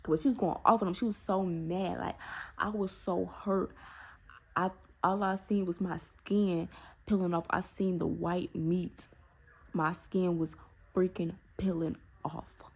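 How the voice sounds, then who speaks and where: A young woman, telling a personal story to her viewers in a casual, animated way with many asides to them. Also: fairly low pitch, a little slow, slightly rough. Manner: animated, talks straight to viewers with repeated asides. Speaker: storytime vlogger.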